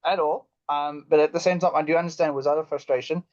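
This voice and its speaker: A man's voice: on the high side, fairly even intonation, a little mellow. Hesitant man, dull audio. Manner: hesitant, many fillers, halting. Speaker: podcast co-host. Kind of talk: casual rugby chat.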